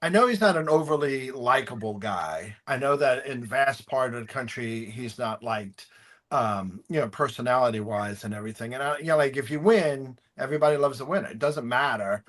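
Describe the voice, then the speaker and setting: A man's voice: mid-range voice, animated, a little fast, fairly bright tone. A man co-hosting a sports talk show, ranting heatedly and swearing often. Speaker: podcast co-host.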